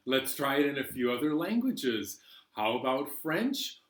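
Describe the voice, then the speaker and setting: A man leading a children's library storytime, talking gently and singing simple songs with a banjo. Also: medium pitch, sing-song, unhurried, reverberant, loud music behind the voice.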